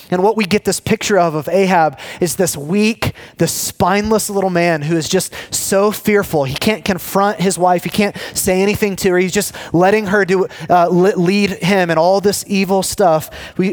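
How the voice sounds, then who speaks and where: A man preaching a sermon, telling the story with animated energy, restarting and repeating words, and dropping low and quiet when he reads scripture. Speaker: pastor teaching a sermon series.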